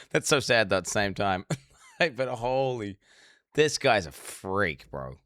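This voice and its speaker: A man's voice: fairly low pitch, very animated, a little slow, fairly bright tone, no echo. A man streaming as he reacts to a video, talking bluntly and profanely in casual commentary.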